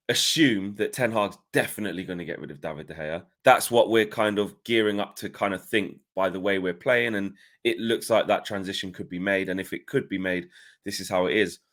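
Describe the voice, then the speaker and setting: Energetic lower-pitched male podcast host. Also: a little fast. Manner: energetic, chatty, many fillers and restarts. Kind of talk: casual football podcast chat.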